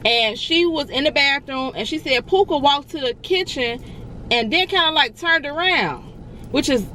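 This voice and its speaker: A fairly high-voiced woman in her forties tells her story to viewers in an emotional vlog, circling back and calling them y'all. She sounds close to tears, and faint traffic noise drifts in from outside. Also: moderate pace. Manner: animated, repeats herself, addresses viewers as y'all. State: near tears. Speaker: vlogger.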